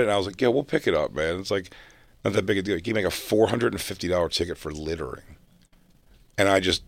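Very deep-voiced man, rambling casual chat. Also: no echo. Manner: rambling and laid-back, full of fillers and restarts. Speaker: comedian podcast guest.

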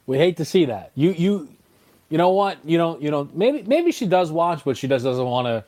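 A man on a sports radio show teases his co-host in easy, joking banter. His voice sits slightly high and moves a lot in pitch. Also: very animated, normal speed, darkish tone. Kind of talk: casual sports chat.

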